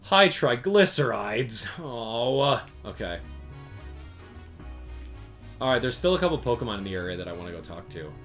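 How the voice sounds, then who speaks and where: A man narrates his playthrough in a casual, chatty way, reading lines from the screen and reacting to them. His pitch rises and falls a lot. Soft game music plays beneath his voice. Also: expressive, normal speed, pauses often. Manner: chatty, reads game text aloud and reacts. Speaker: video game commentator. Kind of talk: gameplay commentary.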